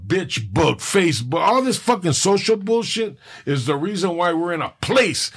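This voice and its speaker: A man's voice: fairly high pitch, husky. Profane, rambling middle-aged man. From Southern California. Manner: profane, emphatic, rambling street talk. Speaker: podcast guest. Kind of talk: candid personal conversation.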